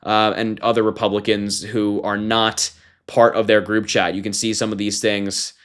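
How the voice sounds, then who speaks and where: A young man hosting a political commentary show, reading from an article and reacting with indignation, jumping from loud mocking call-outs to low, disgusted asides. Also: level tone, normal speed, smooth.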